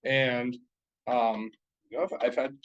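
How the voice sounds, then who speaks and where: On a laid-back podcast, this young male co-host spins lengthy, foul-mouthed stories full of "um"s and laughs. He talks a little slowly with a steady tone at medium pitch. The audio has its highs cut off and carries slight hiss or hum.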